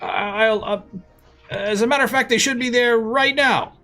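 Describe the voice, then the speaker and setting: A man's voice: very high voice, moderate pace, pushed and bright, faint music behind, voice pushed up. A man voicing a nervous, fawning bureaucrat who stammers and keeps saying sir. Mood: flustered. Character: flustered, fawning male bureaucrat.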